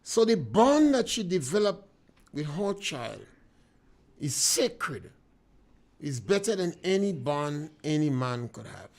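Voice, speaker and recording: With a high voice, a middle-aged Grenadian radio talk-show host preaches through an emphatic monologue, his volume rising and falling throughout.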